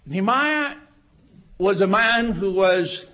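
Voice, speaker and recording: A man's voice: high voice, expressive, slow pace, bright, forceful tone. A male pastor preaching a sermon with rhetorical questions, repeating key phrases for emphasis, on a dull lo-fi recording.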